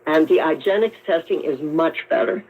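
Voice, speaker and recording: A woman doctor, a guest on a radio call-in show, who explains her points in a measured way. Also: low voice. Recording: tinny narrow-band radio broadcast.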